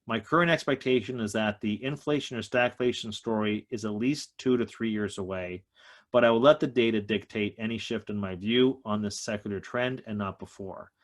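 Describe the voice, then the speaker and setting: A man with a fairly low voice delivers an economic outlook to a group over a video call. He talks emphatically, stressing his key points, and sounds a little out of breath. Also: normal speed. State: slightly out of breath. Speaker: economist guest speaker.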